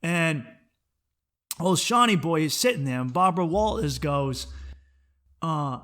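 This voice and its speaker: A man's voice: on the high side, measured pace, fairly bright tone. A man hosting a comedy podcast alone, ranting bluntly and swearing a lot. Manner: profane, blunt, opinionated. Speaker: podcast host. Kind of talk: solo comedic rant.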